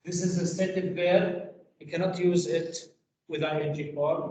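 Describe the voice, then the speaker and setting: A man's voice: on the high side, steady tone, a little slow, a little mellow, roomy sound, slight background noise, rough recording. A man teaching an English class online, patient and mixing in Arabic words.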